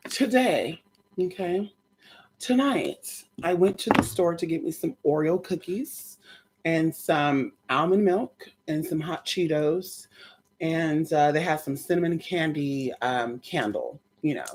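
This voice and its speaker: A young adult woman telling her viewers a story in a casual, animated way. She swears freely and keeps calling them y'all. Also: low-pitched, slow pace. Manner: animated, chatty, profane, addresses viewers as y'all. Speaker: spiritual content creator.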